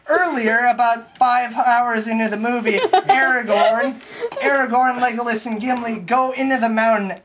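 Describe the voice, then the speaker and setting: A young adult giving a crude, sarcastic recap of a film plot, swearing often and rambling with quick restarts. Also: mid-range voice, fairly bright tone. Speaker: comedic movie recapper. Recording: faint background noise and clicks.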